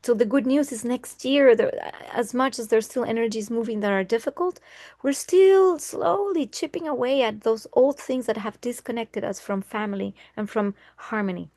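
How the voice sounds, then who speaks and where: Higher-voiced lady astrologer chatting, earnest, restarts a lot, dry close sound. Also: normal speed, no room sound. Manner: earnest, warm-hearted, often restarting phrases; laughs lightly between thoughts. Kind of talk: casual spoken astrology talk.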